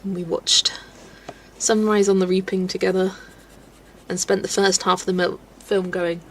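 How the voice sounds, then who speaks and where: Young english woman, colouring livestream host, chatty and giggly, slightly gravelly voice, faint background hiss. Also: medium pitch, level tone, normal speed. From England. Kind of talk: casual chat while colouring, reading chat.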